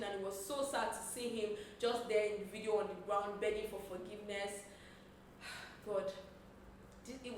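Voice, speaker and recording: A woman presenting entertainment news in an animated, chatty gossip style. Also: a little high, slight background noise. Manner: animated, expressive storytelling. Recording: roomy echo, distant from the mic.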